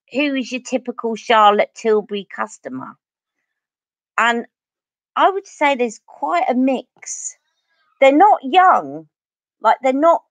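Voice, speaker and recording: A beauty vlogger with an Essex accent and a slightly high voice chats her way through a live makeup tutorial, responding to viewer comments as she works. There's no echo.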